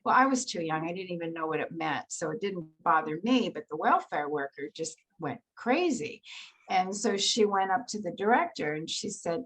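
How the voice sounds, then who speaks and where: An older actress, a guest on a video call, telling stories from her career in an animated, anecdotal way. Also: on the low side, normal speed, slightly rough, rough recording. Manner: animated anecdotal storytelling with laughs. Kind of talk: storytelling in an interview.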